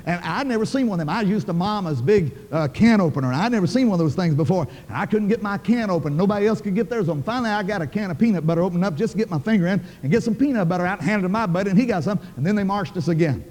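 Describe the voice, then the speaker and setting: Older man, preacher, folksy and emphatic, rapid delivery, reverberant hall. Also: high-pitched, expressive, darkish tone. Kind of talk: sermon storytelling.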